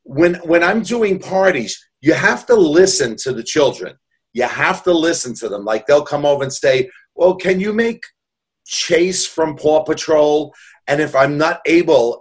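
A man's voice: a little high, slightly rough. A man, a balloon artist telling heartfelt, rambling stories in a jokey, casual way. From New York, USA. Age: 60s. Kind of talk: casual storytelling.

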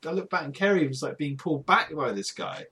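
A man's voice: on the high side, fast. A man from the UK, a podcast co-host, chatting casually and telling stories with lots of restarts and laughter. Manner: animated storyteller, stumbling restarts, frequent laughter. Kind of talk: casual chat.

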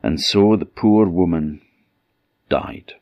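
A man telling a folk tale in a slow, solemn, expressive manner. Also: deep voice, no echo, lo-fi sound. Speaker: storyteller.

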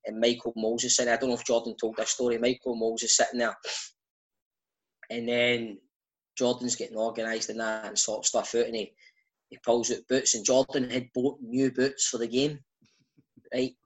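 A Scottish man chatting as a guest on a talk show, telling animated anecdotes peppered with "mate" and local slang. His voice sits at an ordinary male pitch, and his talk is loose, casual and storytelling. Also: normal speed, low-quality recording. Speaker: father.

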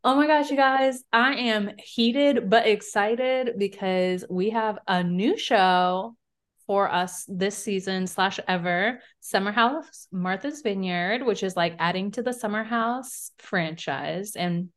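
A woman's voice: mid-range voice, takes it slowly. A woman co-hosting a casual podcast, joking around and laughing often between her lines. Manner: playful, laughs often, jokes in a mock alien voice. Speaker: podcast co-host. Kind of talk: casual chat.

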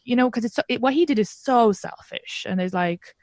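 A woman's voice: a little high, a little fast, darkish tone, no room sound, clean studio sound. A woman in a casual podcast chat, talking in loose rambling sentences. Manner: rambling, many fillers and restarts. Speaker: podcast guest or host.

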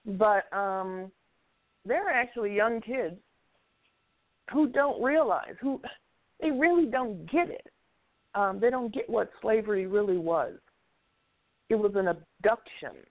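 A blunt, opinionated woman talks in casual chat, chuckling now and then as she makes her points. Her voice sits at a middling pitch for a woman. It comes through thin and tinny, as if over a phone line. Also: expressive, a little slow, long pauses. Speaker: show regular giving opinions.

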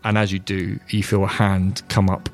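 A man's voice: low-pitched, monotone, normal speed, soft background music. A man narrating as game master of a tabletop game, matter-of-fact.

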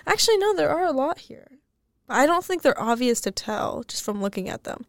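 A young woman with a high, bright-sounding voice, chatting casually as a podcast co-host. She giggles a lot, swears offhandedly and jumps from thought to thought. The sound is close and dry, with no room around it. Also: sing-song, fairly quick, gravelly, dry recording. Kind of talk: casual chat.

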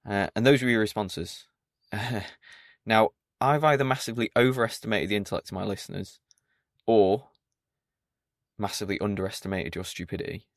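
A man hosts a solo podcast in a dry, pedantic, mock-stern manner. His voice sits low with a gravelly fry. The recording is close and dry, with no room sound. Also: fairly even intonation, moderate pace, no room sound. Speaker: podcast host.

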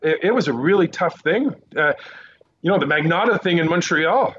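A man who is a seasoned news correspondent tells lively field stories in a relaxed podcast chat, full of quick asides. His voice arrives over a slightly dull, muffled line. A faint hiss sits under it. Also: a little high. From Quebec Eastern Townships, Canada. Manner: animated anecdotes, quick asides. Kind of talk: casual podcast interview storytelling.

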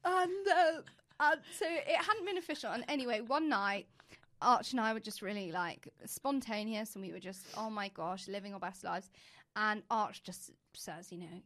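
A young woman, co-hosting a podcast, telling a story in a lively way and swearing freely. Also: mid-range voice, moderate pace. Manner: animated storyteller, swears freely, acts out voices. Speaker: podcast co-host. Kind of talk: casual chat.

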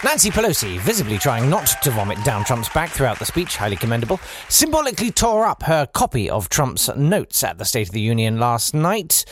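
A man hosting a comedy podcast, delivering a sardonic satirical monologue, swinging between loud bursts and quiet asides. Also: medium pitch, very animated, fairly quick, hardly any pauses.

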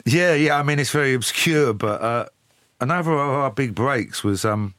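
A man, telling lively anecdotes with chuckles as a studio guest. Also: mid-range voice, normal speed, no room sound. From England. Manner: lively, chuckling storyteller with frequent "you know". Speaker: musician, guest. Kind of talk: casual chat, anecdotal storytelling.

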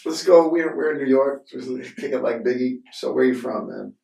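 A man's voice: mid-range voice, normal speed, gravelly. Laid-back male podcast host. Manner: relaxed, casual, swears. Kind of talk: casual interview. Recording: roomy, distant mic.

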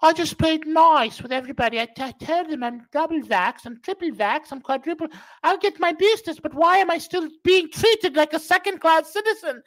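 A man putting on a high, sneering parody voice of a whiny, self-pitying vaccinated man. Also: normal speed, hardly any pauses, fairly bright tone, poor audio. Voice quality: high mocking falsetto.

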